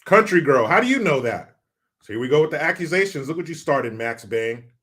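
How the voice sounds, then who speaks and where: A man hosts a live commentary stream and answers chat comments with a mock-serious, sarcastic edge. His voice sits a bit high and sounds bright and forceful. He swears casually as he talks. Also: big pitch swings, fairly quick. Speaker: host reading live chat.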